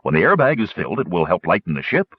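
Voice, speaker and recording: A man's voice: low-pitched, sing-song, quick pace, breathy edge, no room sound, highs cut off, voice pushed down, full character voice. A man doing a pompous gnome inventor, Bellcrank. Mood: eager. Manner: grandiose, wordy, eager. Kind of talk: audiobook character voice.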